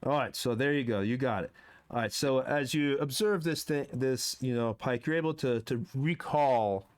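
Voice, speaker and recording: A man narrates a tabletop game as game master, easygoing and a little rambling as he describes rules and items. His voice sits at an ordinary middle pitch, heard over an online call. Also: moderate pace, clear, resonant tone.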